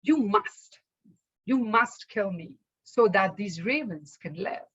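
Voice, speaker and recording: A loyal, selfless horse, as a woman storyteller puts him on, speaks calmly and firmly in a slow, bright voice. He is steady and resolute. The sound is slightly muffled. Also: mid-range voice, slightly rough, pitched below the performer's own voice, full character voice. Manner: calm, resolute.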